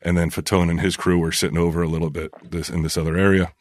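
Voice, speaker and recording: A man's voice: low voice, fast talker, no echo, clean studio sound. A man co-hosting a casual podcast chat, telling easygoing stories about friends. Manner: relaxed anecdotal storyteller. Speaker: podcast co-host.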